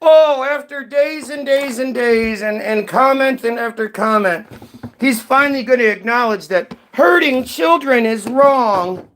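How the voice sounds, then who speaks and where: On his own channel, a commentary host with a very high, somewhat bright voice rants angrily and profanely. His pace stays unhurried even as he throws out rhetorical questions.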